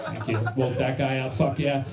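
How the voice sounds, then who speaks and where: A man's voice: medium pitch, steady tone, moderate pace, roomy sound, music in the background. Crude self-mocking man doing stand-up. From New Jersey. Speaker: stand-up comedian. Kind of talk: stand-up set. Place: comedy club stage.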